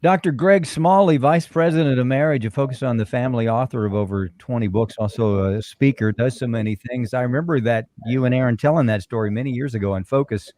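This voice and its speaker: A male radio host speaking in a measured, reflective way, with plenty of uhs between phrases. his voice sits at an average pitch, and the studio sound is dry and close. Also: a little mellow, dry recording. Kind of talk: radio talk show hosting.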